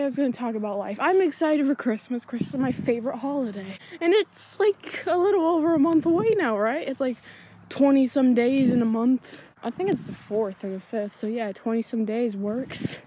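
This woman's voice sits high with a warm tone, and a little background noise is audible. Recording a casual vlog on a handheld iPod, she talks to herself outdoors at night on a chilly backyard swing, distracted and scatterbrained.

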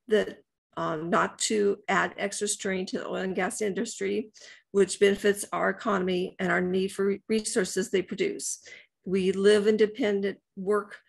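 An older woman reads a prepared public comment to a hearing over a video call. Her mid-pitched voice has a gravelly fry, and she stumbles now and then. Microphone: video call mic.

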